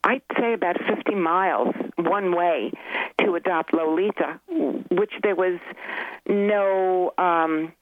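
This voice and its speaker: A woman's voice: fairly low pitch, takes it slowly, no echo. A woman on the phone, a guest speaking about talking with animals, rambling and earnest and often restarting her sentences. Her voice comes through a thin, tinny phone line. The sound is dry and close. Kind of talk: phone-in radio interview. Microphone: telephone.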